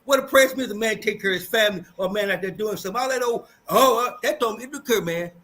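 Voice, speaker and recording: Fast-talking, high-voiced older man, blunt. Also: pushed and bright. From Texas. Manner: blunt, dismissive, repeats himself, keeps saying hold up. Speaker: panel guest, veteran. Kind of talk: heated panel argument.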